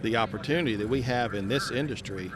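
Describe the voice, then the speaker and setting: A man's voice: medium pitch, quick pace. A company leader in a live podcast conversation, speaking earnestly and often repeating words as he starts a sentence. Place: outdoor trade skills event. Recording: live event with crowd noise. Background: crowd noise.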